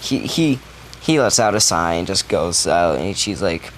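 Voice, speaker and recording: A man's voice: sits low, animated, measured pace, slight background noise. A man telling a made-up story in a casual, rambling, profane way. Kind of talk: casual retelling of a fan scenario.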